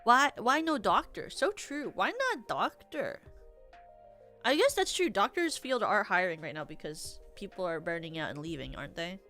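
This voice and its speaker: A woman's voice: medium pitch, sing-song, normal speed, pushed and bright, faint music behind. A young adult woman streaming as a VTuber, chatting casually in a rambling, theatrical way with many filler words. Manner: self-described yappy, theatrical.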